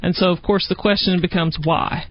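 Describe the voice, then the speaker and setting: A woman from Georgia with a Southern accent, a wildlife biologist talking lively in a radio interview. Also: on the low side, moderate pace, dry recording. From Georgia, USA. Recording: dull dry studio sound.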